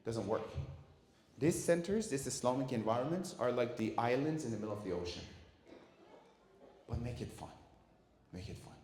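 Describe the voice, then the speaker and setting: A man giving a talk on parenting to an audience. He is lively, asks the room questions and acts out the voices of parents and children. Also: mid-range voice. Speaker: lecturer at a community centre. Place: community centre hall. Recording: echoey hall.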